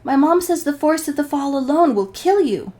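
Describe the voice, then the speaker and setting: A woman's voice: high-pitched, lively intonation, normal speed, warm tone, voice pushed up. A woman voicing her fifteen-year-old self, out of breath and wheezing earnest pleas. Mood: pleading. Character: teenage girl, breathless and panicked, earnest.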